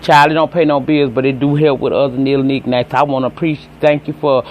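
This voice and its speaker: A man's voice: medium pitch, fairly even intonation, a little fast, lo-fi sound, a little hiss or hum. Chatty Southern man recapping a TV episode. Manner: chatty, profane and emphatic, talks straight to viewers. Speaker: TV episode reviewer. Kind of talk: casual recap and commentary.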